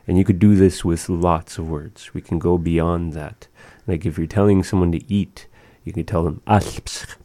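A man's voice: sits low, fairly even intonation, moderate pace, few pauses, warm tone, no echo. A man teaching words and phrases of a language, patiently explaining grammar to a learner.

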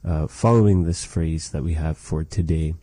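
A man teaching a language lesson, patiently saying phrases slowly and repeating them for practice. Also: a bass voice, dark tone, no echo.

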